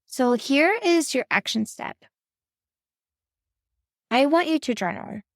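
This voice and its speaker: A woman's voice: sits high, lively intonation, slow pace, no echo, clean studio sound. A woman podcast host and parenting coach giving earnest, faith-based coaching talk straight to the listener. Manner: earnest, instructive, addresses listener directly.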